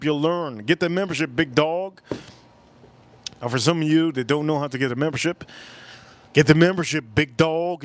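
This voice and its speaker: Man, live-stream host, rambling casual chat, repeats himself, slightly raised pitch, dry sound. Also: no room sound. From South Florida. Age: adult, older than in his youth. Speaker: livestream host.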